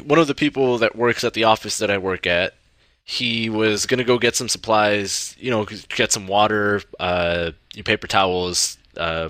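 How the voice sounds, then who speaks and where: A man's voice: on the low side, no room sound. A young man chatting casually as a podcast co-host, laughing easily and bantering. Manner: laughs often, relaxed banter. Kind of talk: casual chat.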